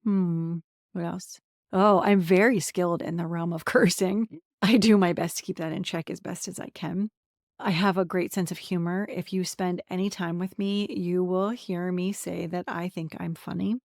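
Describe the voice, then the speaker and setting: A woman's voice: fairly low pitch, steady tone, normal speed, no room sound, studio quality. A woman in her forties from central Pennsylvania talking candidly and with self-deprecating humor in a podcast monologue. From central Pennsylvania, USA. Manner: warm, candid, self-deprecating, chatty lists. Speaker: podcast host and coach. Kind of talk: personal monologue to camera.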